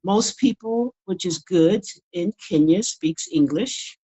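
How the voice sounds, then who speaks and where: A woman's voice: fairly low pitch, takes it slowly, warm tone, husky, rough recording. An older woman, a guest in a casual interview, talking earnestly and often repeating words as she builds her point. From United States. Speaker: guest author.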